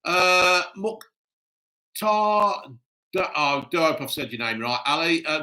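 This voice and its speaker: A man hosting a live stream reads out the chat in blunt, crude casual talk, gruff and cheerfully crude. His voice is a little high with lively intonation, slow and sharp-toned. The recording is low quality.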